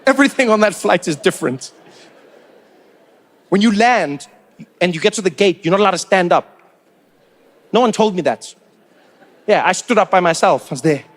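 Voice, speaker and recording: A man, doing an animated stand-up routine full of incredulous questions. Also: sits high, normal speed, pauses often. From South Africa. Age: 40s. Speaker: stand-up comedian.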